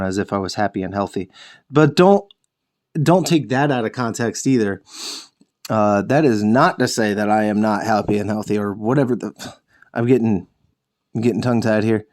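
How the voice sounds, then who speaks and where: A man's voice: lowish voice, normal speed, long pauses, a little mellow. Rambling, jokey man hosting a painting show. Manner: rambling, self-correcting, jokey with swearing. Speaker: host of a miniature painting show. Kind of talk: casual chat while painting.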